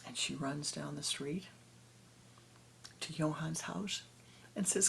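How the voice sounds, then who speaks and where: A woman spiritual teacher tells a parable in a meditation talk, with rhythmic, dramatic phrasing that often sinks to a hush. Her voice sits low, with a gravelly, creaky texture. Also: takes it slowly, long pauses, slight background noise.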